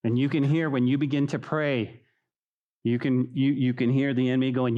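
A man preaching an evening Bible study as pastor, conversational and animated, often calling listeners "guys". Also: moderate pace. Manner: animated, acts out mocking voices with high pitch. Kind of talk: sermon.

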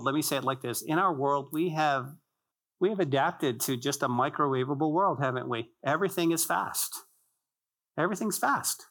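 A man's voice: a little high, a bit bright. A male pastor preaching a sermon in a church, emphatic and repetitive, with rhetorical questions and joking asides to the congregation. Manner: conversational asides and jokes to the congregation.

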